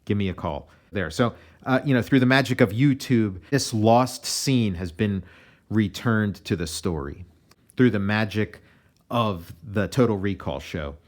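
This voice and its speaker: An American comic artist giving a relaxed, meandering commentary on his own pages, often restarting his sentences. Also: on the low side, unhurried. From United States.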